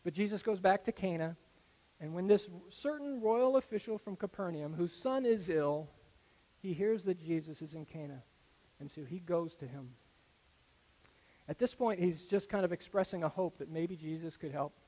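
A man preaching a sermon that explains a Bible passage, earnest and explanatory, often dropping to a soft, low tone. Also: moderate pace. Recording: echoey hall with long reverb.

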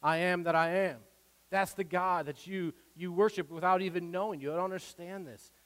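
A man preaching a sermon, excitable, swinging from loud declarations to quiet asides. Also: sits high, moderate pace. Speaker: pastor. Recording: long hall reverb.

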